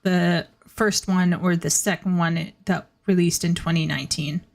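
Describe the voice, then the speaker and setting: A woman's voice: lowish voice, steady tone, measured pace, gravelly. A woman gaming and chatting casually, rambling along with plenty of fillers. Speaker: gamer reading game dialogue aloud. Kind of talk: casual let's-play chat.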